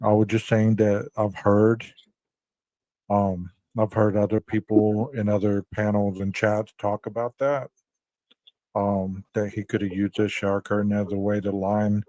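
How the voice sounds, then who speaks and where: A man with a low, mellow voice hosts a casual true-crime discussion and answers viewers in a measured, conversational way. The recording is dry and close, with no room sound. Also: level tone, no room sound, poor audio. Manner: measured, conversational, hedging with "you know". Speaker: podcast host reading viewer chat.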